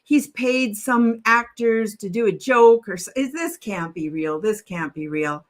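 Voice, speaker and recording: A man's voice: sits high, a little slow, voice pushed down. A woman voicing an incredulous man in a joke she tells, scoffing and doubtful. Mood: disbelieving.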